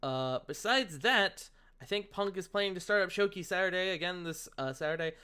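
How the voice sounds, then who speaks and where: A male host with a bright, forceful voice pitched a bit high. He chats excitedly and swears freely. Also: brisk, clean tone. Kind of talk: casual stream chat.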